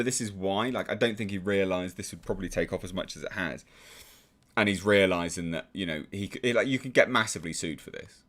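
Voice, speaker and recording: Casual and sarcastic, this English-accented man comments on YouTube in a mid-range voice with a fairly bright tone, swearing freely and sounding exasperated.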